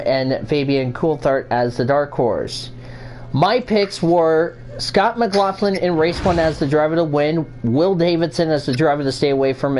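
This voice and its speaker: A man's voice: on the high side, darkish tone. A man hosting a casual show, chatting while he plays a game, rambling and swearing freely at it. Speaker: show host. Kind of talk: casual chat while gaming.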